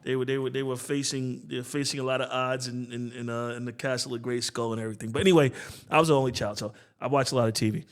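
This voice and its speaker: A man's voice: mid-range voice, steady tone, fast talker, few pauses. A man co-hosting a podcast in casual chat, rambling and playful, often repeating and restarting his words. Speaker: podcast co-host.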